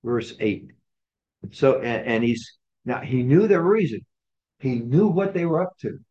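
Expressive and unhurried, the medium-pitched voice of this Bible study leader carries a dark tone. He guides a small group through scripture, posing questions and acting out quotations in a conversational teaching style, heard on a dull lo-fi recording.

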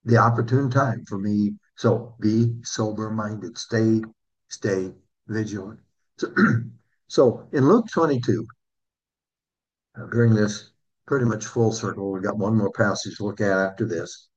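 A man preaching a sermon, earnestly asking his listeners questions and slowing down to read scripture. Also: lowish voice, husky, highs cut off. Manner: earnest, asks the congregation questions, slows for scripture. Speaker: pastor.

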